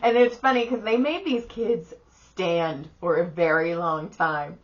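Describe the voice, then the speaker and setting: Low-leaning and unhurried, her voice arrives over dull audio. She's a middle-aged podcast co-host in casual conversation, a lively storyteller who impersonates the people she describes and curses freely.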